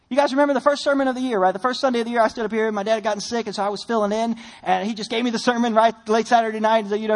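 A young man preaching a sermon, telling a personal story in an animated, self-deprecating way. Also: very high voice. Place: church sanctuary.

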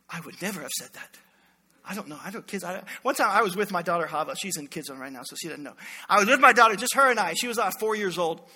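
A man in his thirties, a pastor delivering an emphatic, energetic sermon and acting out everyday people in asides. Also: sits high, in a large hall. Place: church hall.

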